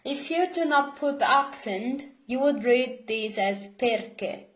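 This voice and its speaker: Italian woman teaching a lesson, talks real slow and patient, repeats stuff for you. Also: sits high, expressive. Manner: patient, repeats words slowly for learners. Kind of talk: slow online language lesson.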